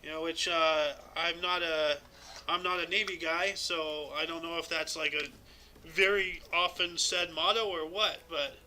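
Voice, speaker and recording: A man's voice: fairly high pitch, fairly even intonation, measured pace, sharp tone. A man hosting a casual group chat, reading out history dates and rambling with lots of fillers. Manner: rambling, filler-heavy, chuckling. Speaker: podcast host.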